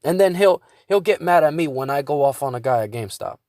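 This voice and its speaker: A man's voice: fairly high pitch, expressive, fast, darkish tone, no room sound, studio quality. A man hosting his own podcast, venting in a casual monologue with a lot of swearing and stumbling restarts. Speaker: podcast host.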